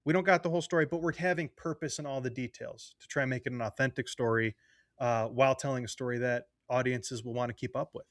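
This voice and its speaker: A man's voice: medium pitch, fairly even intonation, fast talker, no echo, studio quality. A man hosting a casual interview, enthusiastic and conversational, reading out viewer questions. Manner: enthusiastic, conversational, uses fillers like "like". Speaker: interview host.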